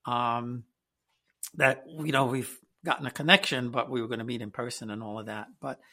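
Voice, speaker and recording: A man's voice: mid-range voice, fairly even intonation, moderate pace, bright, forceful tone. A man hosting a casual interview, talking conversationally with frequent fillers. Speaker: podcast host.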